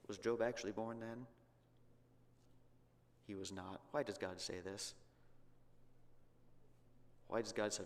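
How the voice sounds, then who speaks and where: A man's voice: fairly low pitch, steady tone, slow, long pauses, in a large hall. A man teaching a Bible lesson in a church, talking conversationally with frequent restarts and rhetorical questions.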